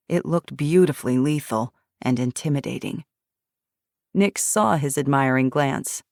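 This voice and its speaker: Low-voiced woman narrating an audiobook. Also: gravelly, darkish tone, no echo, clean studio sound. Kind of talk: scripted narration.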